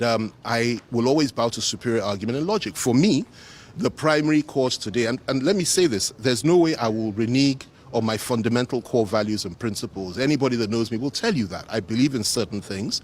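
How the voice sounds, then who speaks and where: A Nigerian politician, a man, answering reporters in a measured, emphatic way and repeating his key phrases. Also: medium pitch, slight background noise. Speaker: politician speaking to the press. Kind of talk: press statement answering reporters.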